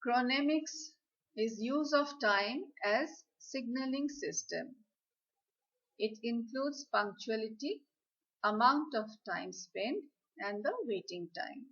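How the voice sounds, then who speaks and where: A woman giving a slide lecture on communication skills, speaking in a deliberate, instructive way. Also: on the high side, animated, fairly bright tone, slightly rough. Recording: slightly dull, lo-fi audio.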